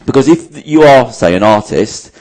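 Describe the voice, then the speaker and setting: Bloke hosting a podcast, middle-pitched voice, swears a lot, acts out convos while giving advice. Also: male voice, expressive, moderate pace, darkish tone. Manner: emphatic, sweary, acts out dialogue. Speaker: podcast host. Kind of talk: casual chat giving advice.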